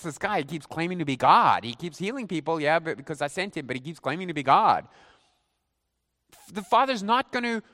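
A man preaching a sermon in an animated way, asking rhetorical questions and acting out mock quotes. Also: extremely high pitch. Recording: reverberant hall.

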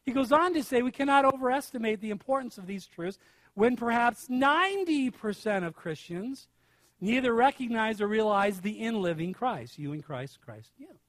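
A middle-aged male preacher with a high voice delivers a sermon. He drops to hushed asides, then stretches key words out loud for emphasis. The sound is close and dry. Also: expressive, normal speed, no room sound.

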